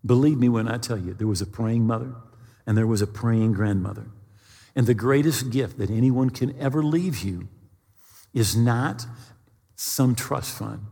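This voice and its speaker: A man preaching a sermon, telling a story with dramatic slowdowns and stammered restarts. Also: medium pitch, gravelly, mellow, slightly rough, big-room sound.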